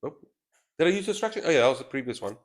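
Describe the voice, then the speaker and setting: A man's voice: on the high side, big pitch swings, racing. A man hosting a solo board game stream, thinking aloud as he weighs each move in casual commentary on a headset mic. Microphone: headset mic with a straw-like boom.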